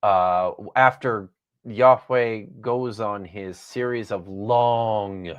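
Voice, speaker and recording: A man's voice: on the low side, takes it slowly, clean tone, lo-fi sound. Wry, thoughtful male scholar. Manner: thoughtful, wry, with frequent restarts. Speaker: guest author and Bible scholar. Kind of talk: podcast conversation, reading from his own book.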